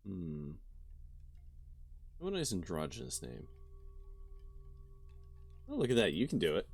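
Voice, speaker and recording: A man's voice: low voice, wildly swooping pitch, a little slow, slightly rough, soft background music. A man streaming a let's play of a visual novel, reading the text aloud and stopping to joke about it. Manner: reads narration, then breaks off to laugh and joke. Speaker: game streamer.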